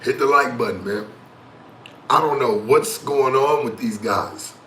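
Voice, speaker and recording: A man's voice: mid-range voice, a little slow, sharp tone. A man streaming a casual, profane rant to his chat, mocking someone while telling the story. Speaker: streamer and talk show host. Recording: echoey room with faint ambient noise.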